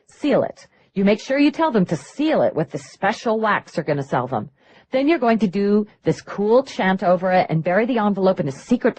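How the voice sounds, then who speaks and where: Brash young ex-grifter read by a woman: high, bouncy, lively, quick. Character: bubbly young female ex-grifter performer, brash.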